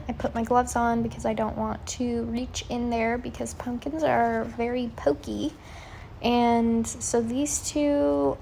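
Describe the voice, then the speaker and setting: A young woman narrates a casual gardening vlog, partly recorded outdoors in her garden, in a chatty, slightly unsure way with fillers and small laughs. Her voice is a little high and darkish, with slight background noise.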